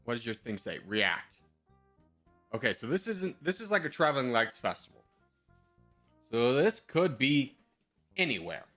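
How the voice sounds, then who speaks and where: A man's voice: mid-range voice, big pitch swings, unhurried, pauses often, a bit bright, soft background music. A male streamer in casual live-stream commentary, thinking aloud in a chatty, self-mocking way.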